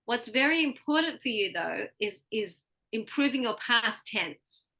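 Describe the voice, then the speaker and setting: Aussie lady pronunciation coach, kinda high bright voice, patient, models words to copy. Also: animated, a little slow. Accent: Australian. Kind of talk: one-on-one pronunciation lesson.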